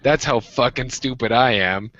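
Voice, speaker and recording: A man's voice: medium pitch, normal speed, a bit bright, highs cut off. A man, chatting and ranting with profanity as a podcast co-host. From Washington state, USA. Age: 20s. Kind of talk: casual chat.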